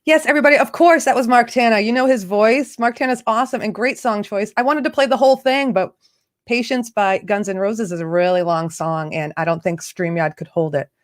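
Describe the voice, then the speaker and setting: A woman's voice: mid-range voice, fairly even intonation, fairly quick. A woman hosting a casual livestream, chatting in a bubbly way straight to her viewers and a remote chat. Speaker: livestream host.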